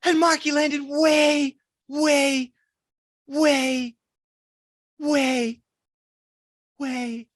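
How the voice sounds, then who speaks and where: A man telling a spooky story for children, animated, swinging between loud cries and hushed lines. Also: extremely high pitch, extremely slow, long pauses, no room sound, studio quality.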